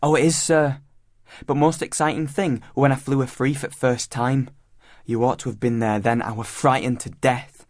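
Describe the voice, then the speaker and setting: Man playing a scrappy Yorkshire lad, blunt, eager, raised pitch, dry close voice. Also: steady tone, normal speed, a little mellow, no echo, lightly acted. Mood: earnest. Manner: blunt, eager, dialect-heavy. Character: defiant working-class teenage boy.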